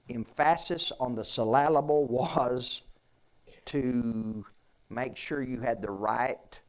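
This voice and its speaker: Earnest halting male pastor. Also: mid-range voice. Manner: earnest, halting with restarts, folksy. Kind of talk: conversational sermon with questions to congregation.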